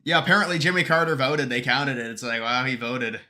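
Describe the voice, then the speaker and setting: A man hosts a live stream, reading viewers' questions aloud and answering with blunt, mocking remarks. His voice is very bright and forceful, sitting at an ordinary middle pitch. He laughs often and stumbles through repeated words as he thinks aloud. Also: brisk. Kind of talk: casual live-stream commentary reading chat.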